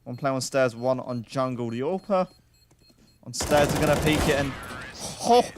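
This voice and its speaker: A man's voice: mid-range voice, normal speed, heavy background noise. A young man casting a live esports match, calling the play and chatting in joking asides. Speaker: esports caster.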